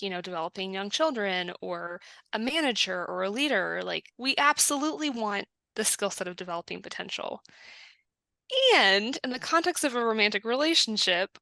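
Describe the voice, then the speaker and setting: A woman's voice: medium pitch, sharp tone, no room sound. A woman co-hosting a podcast in a casual discussion, reflective and often checking in with "right?". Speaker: podcast co-host.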